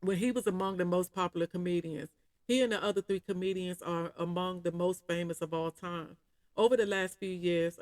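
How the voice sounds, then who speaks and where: A woman's voice: on the low side, a little mellow, dry recording, studio quality. A woman commentating on camera, reading out an article and breaking off often to talk to her viewers. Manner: keeps calling the audience y'all. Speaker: video commentator reading a news article aloud. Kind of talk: casual reaction commentary.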